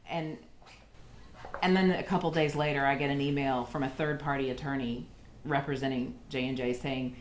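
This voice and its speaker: A woman telling her personal story in an interview, halting and jumping between thoughts. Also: extremely low pitch, steady tone, a little hiss or hum.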